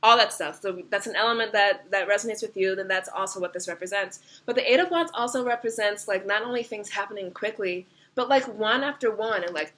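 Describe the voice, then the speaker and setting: A young woman giving a casual, animated tarot reading, swearing freely and laughing often. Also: mid-range voice, a little fast, hardly any pauses. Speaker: tarot reader.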